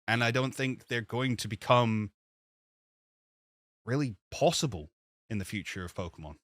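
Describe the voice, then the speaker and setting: A man co-hosting a podcast, arguing his point in a casual debate with animated emphasis. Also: normal speed, no room sound. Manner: animated, emphatic, argues with rising pitch. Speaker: podcast co-host.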